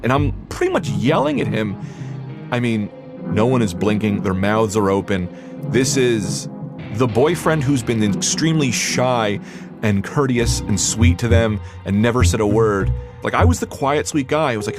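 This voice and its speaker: A man's voice: mid-range voice, animated, unhurried, music in the background. A young man from New Jersey telling a candid personal story, rambling with fillers and acting out what people said. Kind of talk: personal story told to a podcast.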